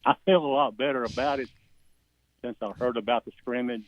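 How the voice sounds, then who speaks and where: A man's voice: medium pitch, steady tone, fairly quick. A man calling in to a sports talk show, giving folksy, emphatic opinions. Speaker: caller. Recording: tinny phone line.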